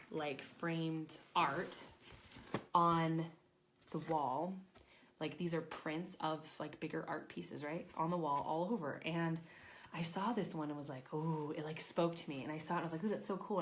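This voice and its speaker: A woman in her thirties, an intuition coach, telling a personal story in a chatty, animated way and acting out her own thoughts. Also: low-pitched, normal speed, a little hiss or hum. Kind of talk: casual storytelling to camera.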